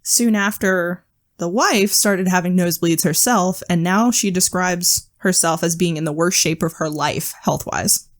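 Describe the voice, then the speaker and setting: A woman with a lowish voice speaks at a measured pace. She co-hosts a podcast where she tells creepy stories casually, often swearing and giving nervous laughs.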